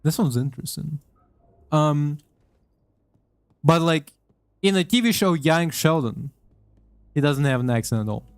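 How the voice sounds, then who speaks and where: This young man's gaming commentary is casual and rambling, laced with swearing, fillers and restarts. He speaks unhurriedly with frequent pauses, and his voice sits on the high side, clear and resonant. No room sound is audible, only faint game music.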